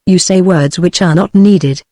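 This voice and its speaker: A woman's voice: fairly low pitch, measured pace, no room sound, studio quality. A synthetic British woman reading a defiant male robot. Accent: British English. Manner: flat, blunt declarations. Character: defiant male robot who wants to rule.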